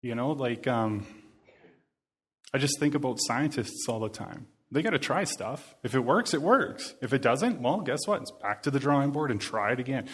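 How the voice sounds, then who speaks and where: A man's voice: mid-range voice, expressive, moderate pace, slightly rough. A man in his thirties giving a sermon, talking in an earnest, conversational way and often repeating his phrases. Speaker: preacher.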